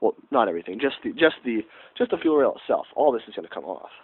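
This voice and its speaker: A man's voice: mid-range voice, very animated, quick pace, husky. Young male vlogger, nasal from a cold, rambling and self-correcting, tinny lo-fi audio. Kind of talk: casual car-repair vlog.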